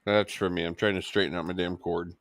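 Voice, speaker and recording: A man co-hosting a late-night casual chat, telling stories in a profane, animated way. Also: sits low, fast, no echo. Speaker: co-host.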